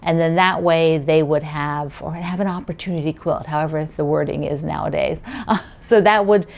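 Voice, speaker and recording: A woman with a somewhat low voice hosts a casual quilting video. She rambles warmly through her thoughts, full of fillers and restarts. She gushes with enthusiasm. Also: steady tone, normal speed, vocal fry. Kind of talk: casual chat.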